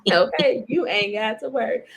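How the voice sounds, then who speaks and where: A woman's voice: a little high, animated, moderate pace, creaky. A woman hosting a faith podcast, chatting casually and self-mockingly while reading from a devotional. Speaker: podcast host.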